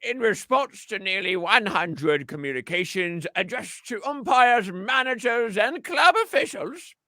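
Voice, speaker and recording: Guy doing a pompous old-timey announcer voice, way high pitched, slow and booming. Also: lively intonation, sharp tone, no echo, heavily acted.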